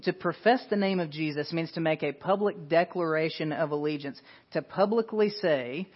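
A man preaching a sermon as pastor, earnest and emphatic, asking rhetorical questions. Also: a little high. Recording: dull lo-fi sound.

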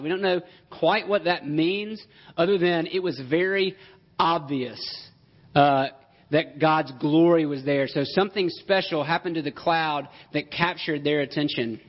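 A man delivers a sermon in a fairly high voice, talking with his congregation as much as to them. He presses his points with rhetorical questions and quick asides. The recording sounds dull and lo-fi. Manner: emphatic, conversational preaching with rhetorical questions. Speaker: pastor.

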